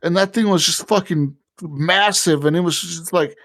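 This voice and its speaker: A young man on a podcast, telling a video game story in a casual, profane and animated way, acting out the game's dialogue. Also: high-pitched, normal speed. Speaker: podcast co-host. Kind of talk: casual gaming chat.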